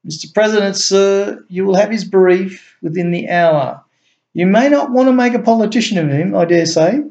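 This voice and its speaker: A man's voice: high voice, normal speed, creaky, a little mellow, highs cut off, voice pushed up. A man voicing an earnest male agency chief in a homemade story reading, explaining things in an eager, insistent way. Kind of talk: amateur story reading with voices.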